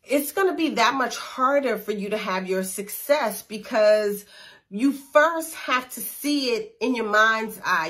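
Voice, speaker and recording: A woman's voice: a little high, fairly bright tone. A woman, hosting a spiritual oracle card reading and speaking in an earnest, encouraging, affirming way. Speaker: host, intuitive healer.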